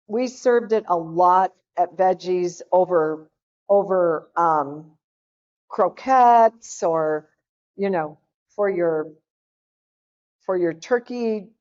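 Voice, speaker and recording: A woman's voice: lowish voice, very slow, long pauses, a little mellow. A middle-aged woman from Oklahoma giving a chatty, folksy cooking talk to an audience at a health seminar. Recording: dull lo-fi sound.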